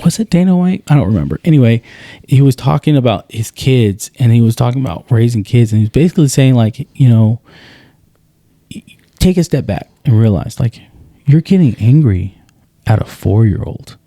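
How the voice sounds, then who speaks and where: A man's voice: medium pitch, animated, moderate pace, mellow, no echo. A man co-hosting a podcast, chatting casually in a rambling way, often restarting and quoting himself. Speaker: podcast co-host.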